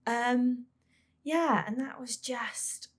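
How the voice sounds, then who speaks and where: Her voice pitched fairly high, a woman shares her experience as the parent of a brain-injured child on a podcast. She speaks haltingly, repeats herself, and voices the dialogue she remembers.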